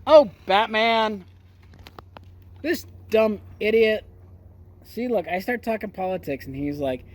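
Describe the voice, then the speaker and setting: A man's voice: high voice, lively intonation, slow, pauses often. A man ranting casually about the news as a vlogger, crude and mocking, talking outdoors near a horse. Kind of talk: casual political rant.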